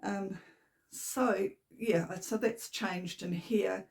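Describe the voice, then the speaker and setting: A woman's voice: medium pitch, steady tone, drawn-out words, darkish tone. A woman, hosting a knitting podcast from home in a chatty, rambling way, her voice a little shaky. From New Zealand. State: slightly shaky voice. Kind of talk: casual chat. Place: home room. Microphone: camera on a tripod.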